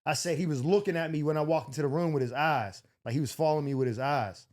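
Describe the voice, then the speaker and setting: Young guy telling a crazy party story, kinda high voice, swears a lot, jumps way up when he acts people out. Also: fast talker. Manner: animated, acts out quotes with big pitch jumps, swears freely. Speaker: podcast host. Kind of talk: casual storytelling.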